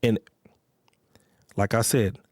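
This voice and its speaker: A man's voice: fairly low pitch, fairly even intonation, slow, darkish tone, dry recording, studio quality. A man hosting a podcast, talking in a casual, rambling, profane monologue and often checking in with his listeners. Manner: rambling, profane, repeats "you get what I'm saying". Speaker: podcast host.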